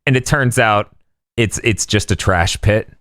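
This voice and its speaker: A podcast host recaps an episode casually, laughing often and swearing as he tells the story. His voice is fairly low, a little slow, and fairly bright. The studio-quality recording has no echo.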